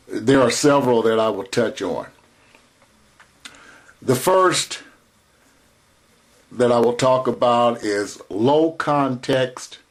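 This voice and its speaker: A steady, middle-aged man gives a recorded lecture in an unhurried, ordinary mid-range voice, pausing between phrases as though listing points for students. His delivery is slow and measured, with terms spelled out, much like a teacher guiding a class through notes.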